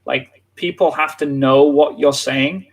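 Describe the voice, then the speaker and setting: An English teacher from England chats casually during a live lesson, peppering his speech with "like". His voice is on the high side, steady in tone and measured in pace.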